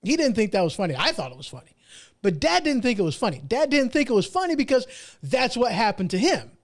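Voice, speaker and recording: High-voiced rambling man host. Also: big pitch swings, fast talker. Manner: rambling, self-deprecating, with frequent restarts and fillers. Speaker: podcast host. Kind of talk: casual monologue storytelling.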